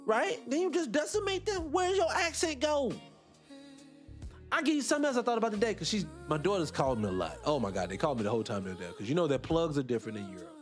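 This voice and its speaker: Animated high-voiced man hosting a livestream. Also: quick pace, soft background music. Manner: emphatic, full of rhetorical questions. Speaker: livestream host. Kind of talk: casual livestream monologue.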